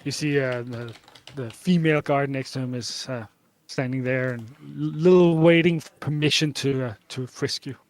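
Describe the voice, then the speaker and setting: A man's voice: medium pitch, moderate pace. A man narrating as game master, with frequent hesitations and fillers. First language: Danish.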